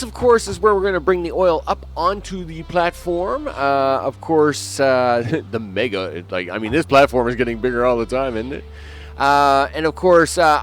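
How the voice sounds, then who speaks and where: A man's voice: mid-range voice, fairly bright tone. A man giving rambling, casual commentary on his gameplay as host, full of fillers and asides to enemies. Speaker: gaming channel host.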